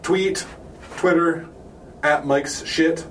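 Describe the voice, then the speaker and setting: A man's voice: a little high, fairly even intonation, extremely slow, a bit bright. Rambling, crude podcast host man. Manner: rambling, crude, laughs often. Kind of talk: casual comedy podcast chat. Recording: distant mic, faint room noise.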